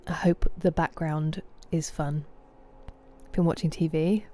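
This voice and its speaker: A woman's voice: low-pitched, steady tone, slow pace, warm tone. A British woman streaming a game, chatting casually and greeting her viewers by name. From Britain. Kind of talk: casual chat with viewers while gaming.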